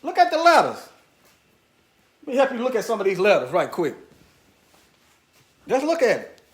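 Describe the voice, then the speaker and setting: A man's voice: sits high, sing-song, moderate pace, reverberant. A man giving preachy commentary over a screen share. He talks straight to his viewers, repeats phrases for emphasis, and mutters asides while he searches.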